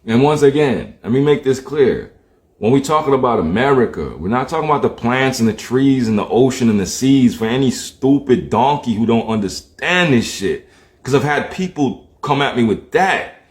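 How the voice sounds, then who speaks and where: A man's voice: mid-range voice, lively intonation, normal speed. A man giving a blunt, profane, slang-heavy casual rant, often repeating himself. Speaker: streamer. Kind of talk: casual ranting monologue. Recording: roomy echo.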